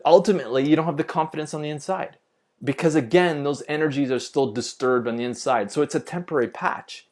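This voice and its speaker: An earnest man at a middle pitch, talking unscripted as a spiritual teacher. He circles back to his points, pauses to check in with the viewer, and corrects himself mid-sentence. Now and then he leans in with more emphasis. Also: a little mellow. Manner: earnest, repeats points, asks "okay?" to check in. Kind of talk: unscripted video lesson.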